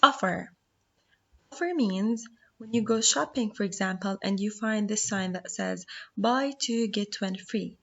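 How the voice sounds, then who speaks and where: A woman whose first language is Arabic, teaching a phonics lesson, explaining slowly and sounding out words syllable by syllable. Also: mid-range voice, lo-fi sound, slight background noise.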